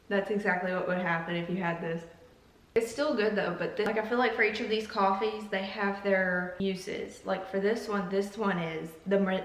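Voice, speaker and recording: A woman's voice: mid-range voice, recorded from a distance. Chatty young woman in a roomy room. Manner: chatty, joking, drifts into tangents. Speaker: YouTuber. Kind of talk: casual coffee tasting vlog.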